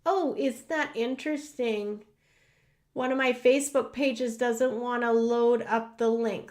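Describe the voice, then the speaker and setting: A woman hosting a livestream from her home studio, emotional and rambling, with many restarts. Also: on the high side. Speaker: host. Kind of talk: casual livestream talk.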